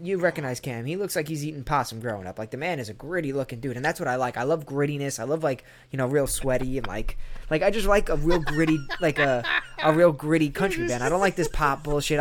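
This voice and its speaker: A man casually telling a long, rambling, profane story in a chat, acting out the people he quotes. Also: fairly high pitch.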